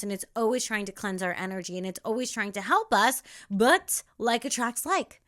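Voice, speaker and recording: Young woman podcaster, bright tone, pushy repetitive emphasis, self-help vibe. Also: a little high. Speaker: podcast host.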